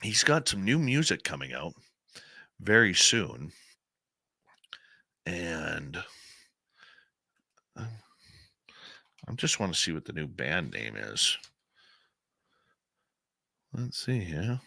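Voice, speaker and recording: A man's voice: low voice, big pitch swings, slow, creaky, pauses often, sharp tone, dry recording. A Canadian man hosting a late-night radio talk show, chatty and enthusiastic, rambling as he tells stories and answers audience questions.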